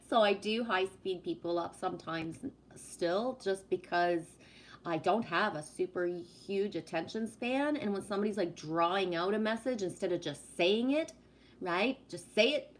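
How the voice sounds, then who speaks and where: A woman hosting a relaxed livestream and talking straight to her viewers. Her voice is projected and strong, her pitch sits in a middle range, and she is fond and familiar with the chat. A faint ambient hum sits under her voice. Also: normal speed. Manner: affectionate, calls viewers sweetie. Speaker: livestream host reading chat. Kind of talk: casual live-stream chat with viewers.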